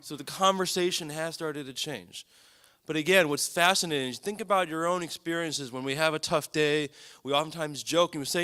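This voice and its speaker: A man's voice: on the high side, moderate pace, bright, forceful tone, clear, resonant tone. A man, a psychiatrist, giving an earnest, emphatic public talk to an audience, stressing his points by repeating them. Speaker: psychiatrist speaking at a lecture event.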